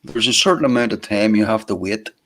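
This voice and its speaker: A man's voice: lowish voice, fast talker, fairly bright tone. A man co-hosting a livestream in rambling casual chat, swearing freely. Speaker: livestream co-host.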